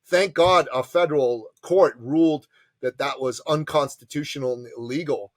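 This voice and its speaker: A man, an entrepreneur advisor and podcast guest, telling stories with passion and emphasis and acting out quotes in lively voices. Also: fairly high pitch, moderate pace, no room sound. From immigrant to Canada from a tyrannical country. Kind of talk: animated storytelling interview.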